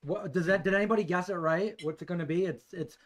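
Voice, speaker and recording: Playful middle-aged man, slightly high voice. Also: quick pace, a little hiss or hum. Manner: chatty, playful, teasing. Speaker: cooking show host. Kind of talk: casual chat on a live cooking stream. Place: home kitchen.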